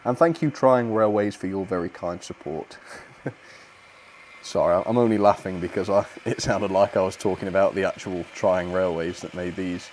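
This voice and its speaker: Young man, live-stream host, friendly chatty delivery, slightly low pitch, light background hiss. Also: brisk, hardly any pauses, darkish tone. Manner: chatty, cheerful, frequent fillers and small laughs. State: a bit out of breath. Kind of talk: live stream chat, thanking viewers.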